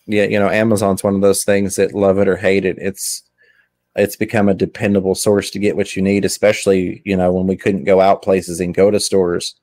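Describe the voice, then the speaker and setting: A man's voice: low voice, little pitch movement, fairly quick, darkish tone. A middle-aged man hosting a casual chat, easygoing and rambling, often restarting his sentences. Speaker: host.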